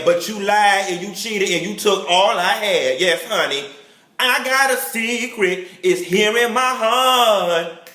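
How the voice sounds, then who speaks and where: Campy man dishing reality tv gossip, high bright voice, lots of slang, sounds kinda roomy. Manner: campy, catty, full of slang and drawn-out exclamations. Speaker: celebrity gossip vlogger. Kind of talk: sassy reality-show review.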